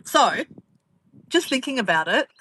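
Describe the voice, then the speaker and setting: Bright-voiced Australian woman, chatty vlogger. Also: fairly high pitch, very animated, measured pace, slight background noise. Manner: rambling, chatty, laughs often, teasing. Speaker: vlogger reading viewer comments. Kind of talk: casual live chat.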